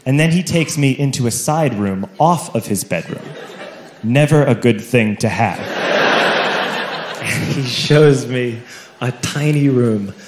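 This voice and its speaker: A man from Chicago telling a stand-up story, animated and bursting into shouted punchlines. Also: mid-range voice, slow, background noise. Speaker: stand-up comedian. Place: comedy stage before an audience. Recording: live stand-up set with crowd laughter in a roomy hall.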